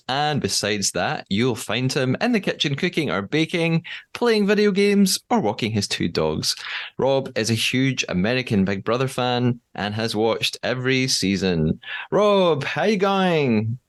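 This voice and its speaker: A man's voice: medium pitch, very animated, normal speed. A man hosting a podcast, reading an upbeat intro and then chatting casually with his co-host.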